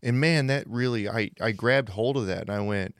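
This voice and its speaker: A man hosting a podcast, chatting casually, animated and self-deprecating as he jokes. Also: mid-range voice, moderate pace, dry recording, studio quality. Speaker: podcast host.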